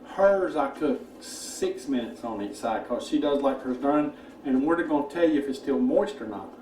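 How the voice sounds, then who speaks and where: A man hosting a home cooking show, chatting in a folksy, relaxed way while tasting his dish. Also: medium pitch, normal speed, slight background noise. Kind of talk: casual cooking chat. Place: home kitchen. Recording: roomy kitchen, mic at a distance.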